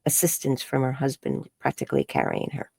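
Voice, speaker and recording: Gravelly-voiced woman telling a story. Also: big pitch swings, fairly quick, dry recording, studio quality. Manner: acts out quoted dialogue with high bright voices. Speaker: energy healer and psychic guest. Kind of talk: animated storytelling interview.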